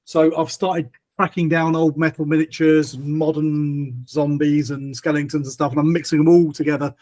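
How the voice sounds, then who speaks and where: A man's voice: fairly high pitch, level tone, moderate pace, darkish tone. A male co-host in casual live-stream chat, talking hesitantly with many ums.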